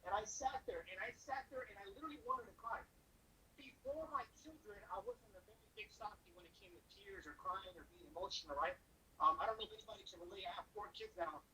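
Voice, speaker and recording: A man's voice: sits high, pushed and bright, distant mic, a little hiss or hum, poor audio. A man in his thirties from San Jose tells a motivational story on a call, repeating himself and tagging lines with "right?". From San Jose, California. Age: 30s. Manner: fast, repetitive storytelling with frequent "right?". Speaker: financial services speaker.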